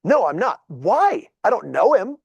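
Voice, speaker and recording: A man, telling stories casually to a group in a lively, chatty way and acting out what people said. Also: high-pitched, measured pace, gravelly, husky, no room sound, muffled recording. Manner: animated, chatty, acts out dialogue. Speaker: real estate agent. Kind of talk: casual storytelling talk to a group.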